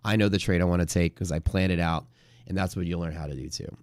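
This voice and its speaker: Low-voiced man hosting a trading stream. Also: steady tone, fast talker, darkish tone, no echo, clean studio sound. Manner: joking, laughs at his own jokes; shifts into a sales pitch for his classes. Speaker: day trading stream host. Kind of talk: casual live-stream chat.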